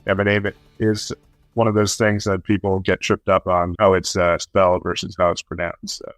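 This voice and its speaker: A man, a sports reporter, chats in an easygoing way, often restarting his sentences. His voice is fairly low. The recording is dry and close. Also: little pitch movement, normal speed, fairly bright tone, dry recording, soft background music. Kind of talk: casual chat.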